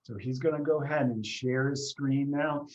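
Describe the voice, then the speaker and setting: A man hosting a live online comics reading on a video call, talking casually with many pauses and fillers. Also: medium pitch, fairly even intonation, a little mellow, dull audio. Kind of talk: casual event introduction. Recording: roomy echo.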